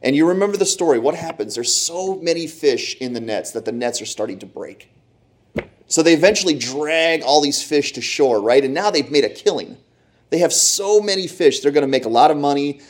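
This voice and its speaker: A man's voice: a little high, animated, fairly quick. A man preaching a sermon, retelling Bible stories with dramatic, acted-out voices. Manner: dramatic storytelling, acts out Bible characters.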